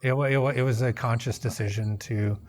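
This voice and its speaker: A man's voice: medium pitch, steady tone, a little fast. Earnest, rambling man telling his story. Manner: earnest, rambling, restarts phrases, acts out quoted dialogue. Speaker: interview guest in recovery. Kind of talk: candid personal storytelling.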